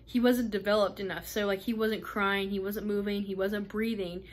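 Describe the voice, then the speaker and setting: A woman's voice: medium pitch, fairly even intonation, moderate pace. Woman in her twenties, casual vlogger, rambly storytelling with laughing asides. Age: 20s. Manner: chatty, many fillers and laughing asides.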